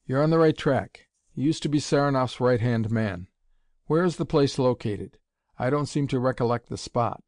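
A man's voice: mid-range voice, normal speed, a little mellow, no room sound, clean studio sound, close to an everyday voice. A man reading an audiobook, voicing an eager, commanding male scientist-detective in a raised, urgent voice. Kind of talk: audiobook character voice.

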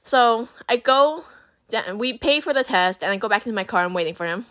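Speaking briskly with a fairly high voice, this young female vlogger recounts a story on camera. Her delivery is casual and lively, full of profanity and filler words.

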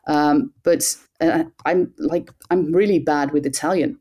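A woman with a Dutch accent, a cycling commentator, talking in an animated, self-deprecating way with frequent restarts. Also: deep voice, measured pace. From Netherlands. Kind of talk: conversational interview.

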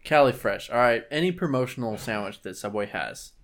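A man's voice: mid-range voice, animated, a little fast, fairly bright tone. A young man co-hosting a casual podcast, ranting with heavy swearing and exasperated energy. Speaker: podcast co-host. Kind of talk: casual chat.

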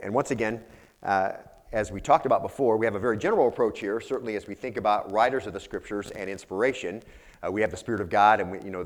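Man preaching an earnest sermon. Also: on the low side. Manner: earnest teaching with frequent fillers and rhetorical questions. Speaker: pastor.

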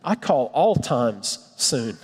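A man voicing a wise, all-powerful male lion who speaks slowly and softly. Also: very animated, husky, heavily acted. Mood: tender. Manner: slow, soft and deep. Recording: long reverb.

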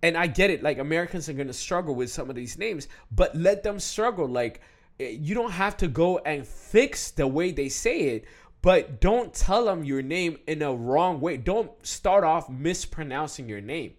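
A man's voice: on the high side, normal speed. Young guy just talking, lots of "like" and "you know", voice jumps all over, laughs a lot. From Ethiopian heritage, raised in the West. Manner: animated, many fillers and restarts, laughs often. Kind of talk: casual talk to camera.

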